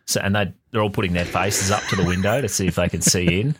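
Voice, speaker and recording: Australian man, young, very deep voice, sardonic profane co-host. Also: fairly even intonation, fast talker, slightly rough. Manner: dry, profane, sardonic storytelling. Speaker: podcast co-host. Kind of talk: casual chat.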